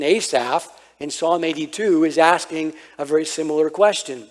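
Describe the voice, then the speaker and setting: Male pastor, fairly high voice, lively storytelling sermon with acted-out quotes. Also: moderate pace, hardly any pauses. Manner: storytelling, animated, acts out childhood quotes.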